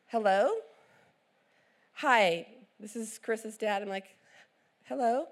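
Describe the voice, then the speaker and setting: Middle-aged woman preacher, lively storytelling sermon, acts out each voice. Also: a little high, slow, pauses often. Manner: animated storyteller acting out voices.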